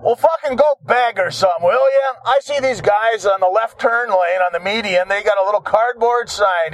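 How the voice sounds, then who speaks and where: A man's voice: sits high, normal speed, hardly any pauses, no room sound. A man in his sixties telling his own story in a rambling monologue, profane, wry and self-mocking.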